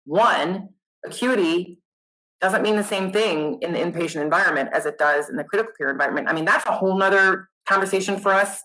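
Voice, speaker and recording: A middle-aged woman, a nurse guest, chatting casually in an interview, animated and self-deprecating. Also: on the low side, brisk, low-quality recording.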